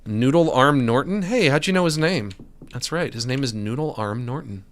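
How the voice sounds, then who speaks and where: A man's voice: medium pitch, expressive, moderate pace, slight background noise. A young man giving casual, joking commentary while streaming a video game, rambling and looping silly bits. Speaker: let's-play streamer.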